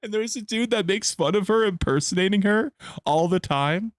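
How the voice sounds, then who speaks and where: Here the same kind of young man talks at normal speed in a high voice, his rambling, profane stream chat punctuated by frequent laughs. The recording is dry and studio-clean.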